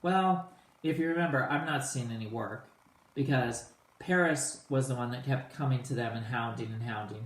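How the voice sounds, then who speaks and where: A man teaching a play to students in a casual, animated way, retelling the old lines in everyday slang. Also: medium pitch, normal speed, reverberant, rough recording.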